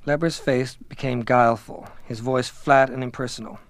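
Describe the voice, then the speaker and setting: Measured man reading and summarizing a novel. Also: mid-range voice, steady tone, no echo. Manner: measured, with hesitant fillers in summary.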